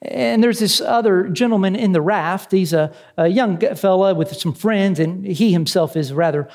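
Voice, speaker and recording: A man preaching, telling a story as a sermon illustration, halting often with restarts and fillers. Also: high-pitched, a little mellow.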